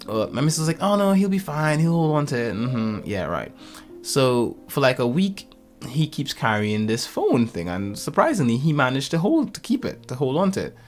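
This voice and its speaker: A man in his thirties casually telling a lively story about his kids, acting out their lines and laughing often. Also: medium pitch. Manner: animated, acts out family quotes, laughs often. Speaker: podcast co-host.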